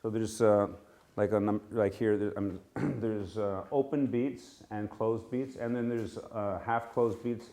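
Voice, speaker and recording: Casting: man, informal class leader, slow and unhurried, easygoing and self-correcting. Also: fairly low pitch. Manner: relaxed, halting, self-correcting, chuckles at himself. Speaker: music teacher leading a class. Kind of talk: informal live class instruction. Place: temple room with a live group.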